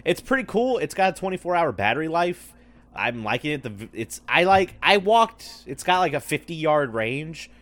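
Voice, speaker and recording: A man co-hosts a casual podcast chat from an office on a wireless headset mic, his slightly bright, high voice swinging widely in pitch at normal speed. He talks loosely, swearing frequently and laughing often, in a dry recording.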